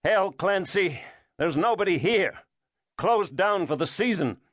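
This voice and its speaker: A man putting on a shot and wounded man, his voice pushed noticeably higher and louder than the narrator's own. He sounds strained and urgent as he fades toward lightheadedness, read dry and close in an audiobook. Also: lively intonation, unhurried, dry recording, heavily acted. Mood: strained urgency.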